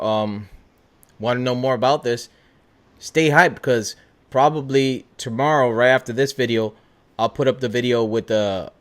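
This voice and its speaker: Young man, podcast host, casual chat, excitable, swears a lot, mid-pitched voice. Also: smooth.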